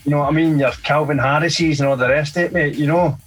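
A Scottish man talks loosely on a radio show, his voice sitting a little high for a man. He rambles, drops "mate" at every turn, and faint music plays under him. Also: fairly even intonation, fast, husky, low-quality recording. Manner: rambling, peppered with "mate" and "you know". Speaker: DJ and producer guest. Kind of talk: casual interview chat.

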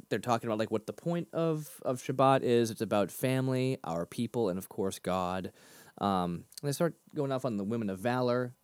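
A podcast co-host in his thirties, hailing from near Boston, talks in a mid-range, darkish voice with no room sound. It's casual, meandering chat, self-deprecating and punctuated by him laughing at his own jokes.

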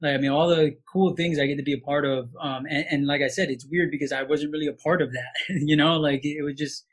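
A man in his late thirties from Hawaii, a sportscaster, speaks as a guest on a casual podcast interview. His voice is a little high with a steady tone and breathy edge, fairly quick, as he tells heartfelt stories with many restarts.

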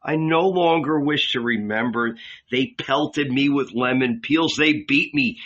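A man's voice: medium pitch, bright, forceful tone, dull audio, exaggerated voice. A man voicing a weary older man who speaks earnestly and ruefully of his own youth. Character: weary older man who once tried to save the world. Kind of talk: audiobook reading.

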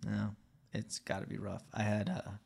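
Brief: a relaxed male podcast co-host, gravelly voice, casual and profane. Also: on the low side, normal speed. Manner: laid-back, profane, jokey. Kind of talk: casual chat.

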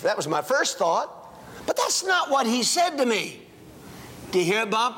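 An older male pastor preaching a sermon to a congregation, telling a personal story and acting out the dialogue, swinging from hushed tones to shouting. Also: very high-pitched, sing-song, a little slow, slight background noise. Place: church, before a congregation.

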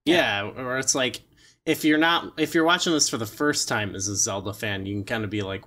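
A man's voice: on the low side, a little fast, fairly bright tone. A man co-hosting a podcast, chatting casually and easygoing, with many fillers. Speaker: podcast co-host. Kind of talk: casual chat.

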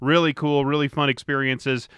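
A man's voice: mid-range voice, level tone, moderate pace, a bit bright, smooth, no echo, clean studio sound. A middle-aged man hosting a casual transportation podcast, rambling with frequent restarts. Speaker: podcast host and traffic reporter.

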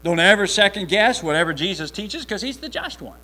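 A man's voice: sits high, expressive, brisk, bright, forceful tone, rough recording. A man preaching a conversational sermon, often restarting and repeating words as he explains scripture.

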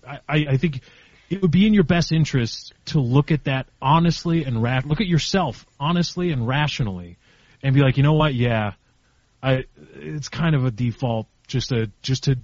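A man's voice: medium pitch, a little mellow, dry recording. A man talks earnestly to a friend, blunt and repetitive as he works through his point. The sound is dry and close, with a slightly muffled, lo-fi tone. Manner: blunt, repeats and restarts while making a point. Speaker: friend giving advice. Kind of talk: earnest group conversation.

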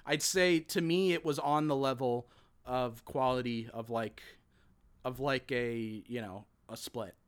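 A man hosting a casual movie review chat, halting and chatty with many restarts. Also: mid-range voice, steady tone, clean tone.

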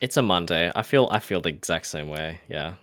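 A man with a fairly low voice co-hosts a casual podcast, weighing his words and hedging with qualifiers. His delivery is measured and low-key. The sound is dry and close. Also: animated, fairly bright tone, dry recording. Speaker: podcast co-host. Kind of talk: casual chat.

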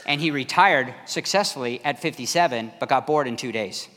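A man's voice: medium pitch, normal speed, pushed and bright, a little hiss or hum. A man preaching a sermon in a church, telling stories in a conversational way and acting out other people's voices. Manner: conversational storytelling, acts out voices. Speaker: pastor. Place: church sanctuary. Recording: long hall reverb.

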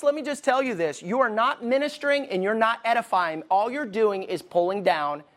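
Male pastor, conversational sermon delivery, self-deprecating, slow repeated questions. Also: high-pitched.

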